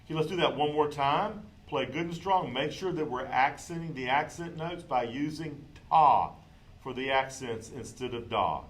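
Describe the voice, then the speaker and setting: A man's voice: on the high side, normal speed, rough recording. A man teaching a clarinet lesson, patiently counting in and calling out note names and fingerings. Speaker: music teacher.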